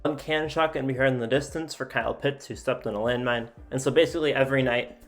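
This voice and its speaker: A man with an ordinary mid-range voice hosts a casual sports commentary, reading event after event aloud. He fills gaps with "uh" and drops offhand remarks in between. Faint music plays quietly behind him. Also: medium pitch, fast. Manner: reads events aloud with frequent "uh" fillers and asides. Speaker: sports YouTuber.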